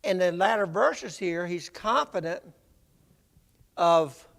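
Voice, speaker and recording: A man preaching a Bible-class sermon in a halting, conversational way, often repeating words. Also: sits high, expressive, vocal fry, a bit bright. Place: church sanctuary. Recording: reverberant church hall.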